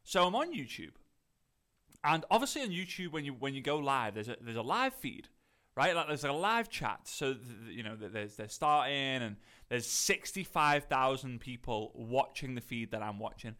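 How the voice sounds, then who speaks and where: A man's voice: mid-range voice, sing-song, normal speed, pushed and bright. A man with a Scouse Liverpool accent giving a chatty, rambling motivational talk as a coach, often asking "right?" and restarting his sentences. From Liverpool area, England.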